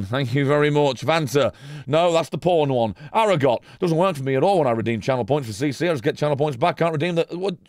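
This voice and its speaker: A man's voice: on the high side, no echo, studio quality. A man streaming a game live, ranting at his chat in a profane, exasperated way. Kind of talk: live gameplay stream commentary.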